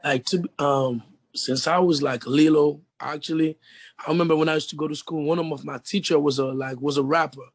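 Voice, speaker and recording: Deep-voiced young man with a foreign accent. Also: brisk, no room sound. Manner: rambling, relaxed, many fillers like "you know". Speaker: guest musician. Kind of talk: casual interview.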